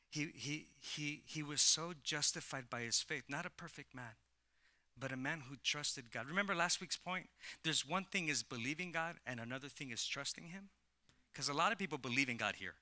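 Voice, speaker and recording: A man preaching a sermon as pastor, conversational at first and rising to loud, emphatic preaching. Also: a little high, dry recording. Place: church.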